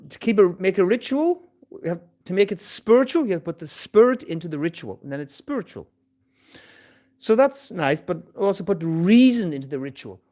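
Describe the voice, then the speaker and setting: Animated man giving a temple class. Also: on the high side. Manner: storytelling with acted-out voices and laughter. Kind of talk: scripture class talk. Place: temple hall.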